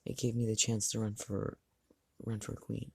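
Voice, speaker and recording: A man's voice: on the low side, monotone, normal speed, vocal fry, mellow, husky. A man voicing a polite, earnest young noblewoman in his own voice, formal in speech.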